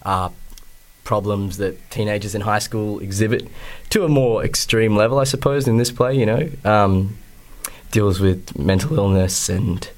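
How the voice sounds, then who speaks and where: A man's voice: lowish voice, a little slow. A young Australian man with an Australian accent, an actor chatting about his play in a casual radio interview, hesitant with many fillers and restarts.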